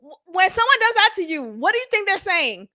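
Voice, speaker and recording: A young adult woman hosting a casual, animated recap of a reality show, acting out quotes and laughing often. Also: extremely high pitch, a little fast.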